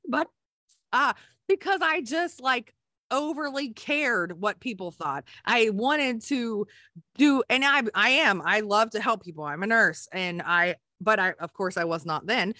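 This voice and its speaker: Bright, dry-voiced middle-aged woman. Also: on the high side, expressive, unhurried, no echo. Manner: emotional, rambling, frequent restarts. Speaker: guest, nurse. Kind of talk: candid personal storytelling.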